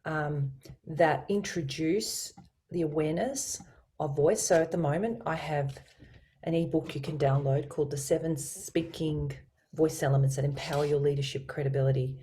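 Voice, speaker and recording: A woman with a low voice and a mellow, warm tone. She explains her coaching ideas with lively, enthusiastic emphasis, as a guest on a video call. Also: moderate pace, a little hiss or hum. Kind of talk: guest in a business interview.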